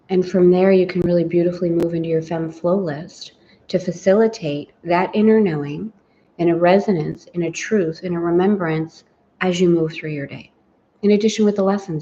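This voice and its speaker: A woman's voice: lowish voice, steady tone, normal speed, warm tone, highs cut off, a little hiss or hum. A woman teaching a guided spiritual lesson, reflective and personal, often speaking her inner thoughts aloud.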